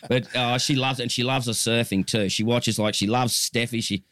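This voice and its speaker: A man's voice: medium pitch, fairly even intonation, normal speed, fairly bright tone, no room sound, studio quality. A man in his fifties with an Australian accent, telling stories as a guest in a casual chat, rambling with restarts. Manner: chatty storyteller, rambling with restarts.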